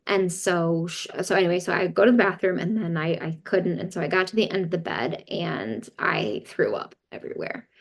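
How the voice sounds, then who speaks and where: A woman's voice: on the low side, normal speed, vocal fry, hardly any pauses. A woman, a doula, candidly telling a long personal story as a podcast guest and quoting what others said. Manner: candid, recounts events and quotes others. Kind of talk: casual storytelling.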